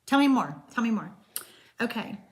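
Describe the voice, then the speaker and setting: A woman's voice: fairly high pitch, expressive, moderate pace. A woman hosting a live-streamed card-making class, chatting loosely with viewers and answering their comments, with frequent hesitations.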